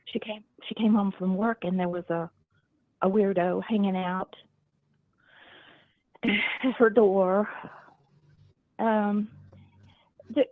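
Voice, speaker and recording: Slow, sighing woman on a phone line. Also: mid-range voice, fairly even intonation, no echo. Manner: slow and weary, with sighs and hesitations. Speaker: caller. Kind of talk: phone call into a livestream.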